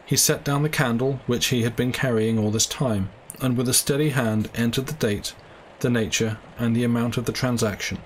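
A man reads a classic story aloud in a measured, steady voice of ordinary middle pitch. A faint ambient hum sits under his narration. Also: poor audio. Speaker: audiobook reader. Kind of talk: live reading of a classic story.

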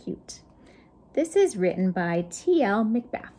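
A woman's voice: very animated, slow pace, warm tone. Woman reading storytime to children. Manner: playful, chats with young listeners; voices sound effects with big pitch jumps. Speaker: children's librarian. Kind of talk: children's storytime read-aloud.

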